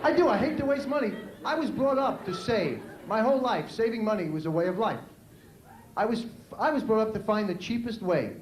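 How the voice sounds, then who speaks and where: A man with a New York accent performing a stand-up comedy routine on a club stage, delivering jokes punchily and shouting out his character bits. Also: sits high, animated, a little fast. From New York City. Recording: echoey club with crowd noise.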